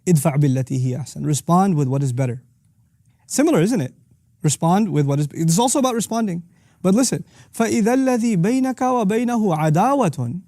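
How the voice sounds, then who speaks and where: A middle-aged man teaching a lesson on Quranic verses as host of his series, talking rapidly and breaking into quick Arabic recitation. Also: high voice, lively intonation, dark tone, no echo, clean studio sound.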